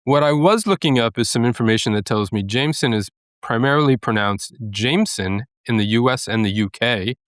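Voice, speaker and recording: A man co-hosting a podcast, speaking in a middle pitch and patiently laying out details, a little pedantic about getting them right. The recording is dry and close. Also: a little fast, clear, resonant tone, no echo. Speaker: podcast co-host. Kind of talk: casual chat.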